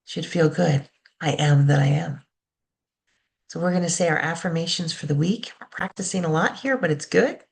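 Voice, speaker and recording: A woman reverend giving a sermon, calmly leading the congregation through affirmations and a guided meditation. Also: on the low side. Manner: slow, calm, leads call-and-response affirmations.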